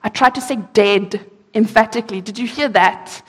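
A woman preaching a sermon, reading scripture slowly and emphatically and asking rhetorical questions. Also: mid-range voice, a bit bright, breathy edge. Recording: echoey hall.

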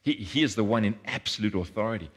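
A man's voice: fairly low pitch, animated, quick pace, husky. A man, preaching a sermon in an earnest way, often repeating words and acting out voices. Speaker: pastor.

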